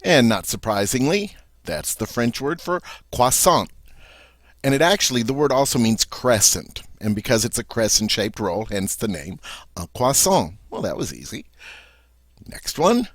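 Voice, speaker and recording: Brief: male teacher, dry close recording, lively pitch, slow drill-style delivery. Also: dry recording. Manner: repeats each French word three times, slow and deliberate. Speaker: French teacher. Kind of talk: vocabulary lesson with repeat-after-me drills.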